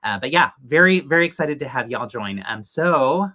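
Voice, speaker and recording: Male livestream host, chatty and upbeat, bright tone, lots of filler words. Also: medium pitch, animated, normal speed. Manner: chatty, upbeat, many ums. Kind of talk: casual livestream chat.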